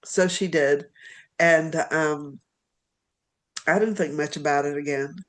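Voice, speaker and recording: A woman from Virginia, a literary agent, telling stories as a podcast guest in an animated, rambling way. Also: deep voice, slow pace. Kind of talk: storytelling in an interview.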